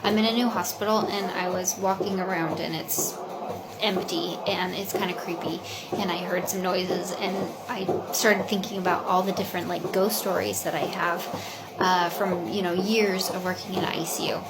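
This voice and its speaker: A woman with a low, gravelly voice tells a story casually, talking quickly and rambling a little. She is an ICU nurse. Loud, constant noise fills the recording behind her. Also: fairly even intonation.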